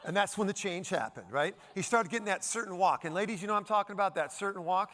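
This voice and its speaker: A man from Denver giving a high-energy keynote, playfully ordering the audience around with quick commands. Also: animated, a bit bright. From Denver, Colorado. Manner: upbeat, playful, bossing the crowd with quick commands. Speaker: keynote speaker. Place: conference hall stage.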